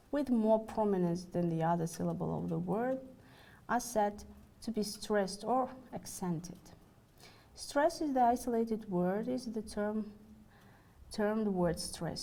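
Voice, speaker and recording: Slow, careful lecturing woman with a Russian accent. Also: medium pitch, dark tone, poor audio. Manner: slow, careful, halting delivery. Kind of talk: university lecture.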